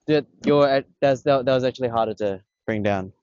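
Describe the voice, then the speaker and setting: A young man, excitedly filming himself fishing on a beach, swearing and talking in slang. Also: mid-range voice, smooth, no echo, muffled recording. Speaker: vlogger. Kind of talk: casual fishing vlog commentary. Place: outdoors on a beach by the water. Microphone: camera on a tripod.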